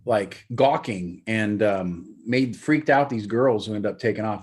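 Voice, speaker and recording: A man's voice: fairly low pitch, unhurried, few pauses, a little mellow, slightly rough. A middle-aged man co-hosting a casual podcast, telling stories in an easygoing, dryly joking way. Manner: easygoing storyteller, dry joking. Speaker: podcast co-host. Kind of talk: casual chat.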